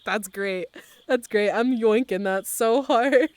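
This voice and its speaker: A woman's voice: a little high, slow, no room sound. A young adult woman streamer chatting casually with her live chat, using lots of slang and laughing often.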